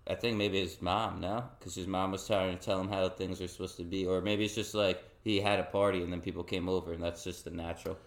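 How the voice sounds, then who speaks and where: Man, low voice, hesitant, filler-heavy, podcast. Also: level tone, fast talker, hardly any pauses. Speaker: podcast co-host. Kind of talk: casual film discussion.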